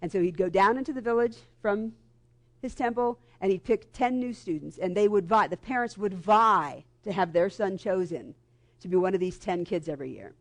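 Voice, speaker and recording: A middle-aged woman giving a sermon as guest minister, in a lively conversational way, into a live microphone before a congregation. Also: medium pitch, normal speed. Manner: lively and conversational, acts out quoted voices. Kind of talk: sermon with storytelling. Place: church sanctuary before a congregation.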